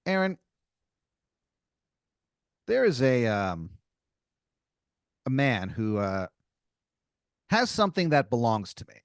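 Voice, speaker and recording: Scheming male god, smooth and lofty, put on by a man improvising; calm, mysterious delivery, mid pitch. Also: takes it slowly, pauses often, dry recording, clean studio sound.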